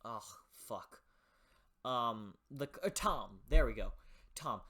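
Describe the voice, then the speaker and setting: Passionate book reviewer, bright voice, slow and swoopy, swears a lot, keeps restarting sentences. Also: medium pitch, slightly rough. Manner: passionate, animated, swears freely; restarts and stumbles while thinking aloud. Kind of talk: casual spoken book review.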